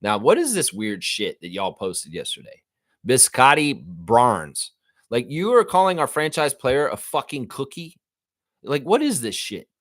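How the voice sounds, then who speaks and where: A man's voice: mid-range voice, big pitch swings, normal speed, dry recording, studio quality. Profane, exasperated ranting fan-show man. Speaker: sports show host. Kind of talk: live fan reaction show rant.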